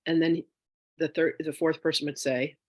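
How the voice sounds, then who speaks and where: A woman telling a personal story in a casual, animated way as a spiritual wealth teacher, with lots of fillers. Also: low voice, normal speed, slightly rough, no room sound. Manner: animated, chatty, with frequent fillers; emotional, near tears.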